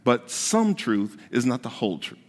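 Pastor preaching in a reverberant hall. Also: male voice, medium pitch, sing-song, moderate pace. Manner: conversational, repeats key points for emphasis. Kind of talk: sermon.

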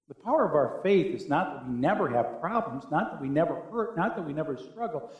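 A middle-aged man preaching a sermon as pastor, earnest and unhurried, with dramatic pauses and rising swells. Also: a little high, animated, a little mellow. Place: church sanctuary. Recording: echoey church sanctuary.

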